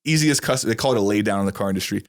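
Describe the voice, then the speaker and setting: A young man talks fast in a relaxed podcast conversation. His voice sits a little low, and he throws himself into his stories, putting on the voices of the people he quotes. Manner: animated storyteller, acts out quotes. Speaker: podcast host. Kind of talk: casual podcast chat.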